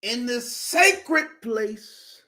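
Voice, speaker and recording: A man's voice: very high-pitched, expressive, pitched above the performer's own voice, exaggerated voice. A man voicing a fervent church preacher in a mock sermon, drawing out words and repeating himself. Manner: drawn-out, repetitive, swings loud to soft. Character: hollering male church preacher, fervent and dramatic.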